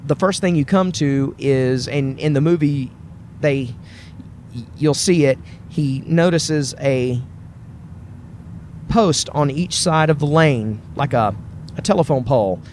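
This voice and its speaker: Man, podcast host, casual storytelling, rambling, enthusiastic, fairly high voice. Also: a little mellow, a little hiss or hum. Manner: rambling, enthusiastic, repeats and restarts phrases.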